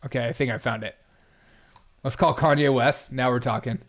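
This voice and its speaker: A man's voice: medium pitch, steady tone, moderate pace, long pauses. A male host chatting casually while setting up a prank call, giggling and rambling. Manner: giggly, rambling, self-mocking. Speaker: show host. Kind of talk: casual comedic livestream chat.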